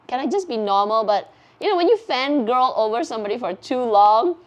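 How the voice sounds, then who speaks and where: A woman, a YouTube host chatting casually through viewer questions in a bubbly, giggly, excitable way. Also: a little high, brisk, lo-fi sound. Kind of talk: casual Q&A chat.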